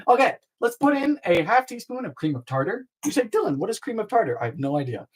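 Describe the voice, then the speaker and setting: A man hosting a live baking stream, chatting playfully with viewers, trailing off and restarting, with sudden high squeals. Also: big pitch swings, fast, husky, poor audio. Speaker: baking show host.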